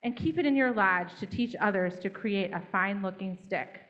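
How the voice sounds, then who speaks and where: A woman's voice: mid-range voice, moderate pace, dull audio, natural voice. A woman voicing a wise, sacred eagle in a children's story, giving solemn, instructive commands.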